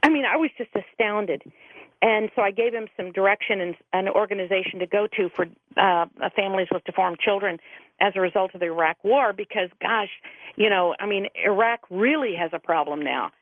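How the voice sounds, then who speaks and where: A middle-aged woman comes through a narrow, tinny telephone line with a dry, close sound. She tells stories in an earnest way and often quotes what other people said to her. Her pitch sits in the middle. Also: fairly quick, dry recording. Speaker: phone-in guest, veterans' advocate. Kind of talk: radio interview over the phone.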